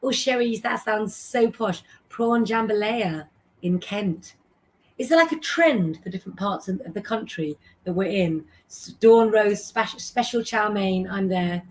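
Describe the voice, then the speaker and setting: On her easygoing live stream, a middle-aged woman talks at a measured pace in a medium-pitched voice. She reads out messages and names from viewers and gives tarot advice as she chats.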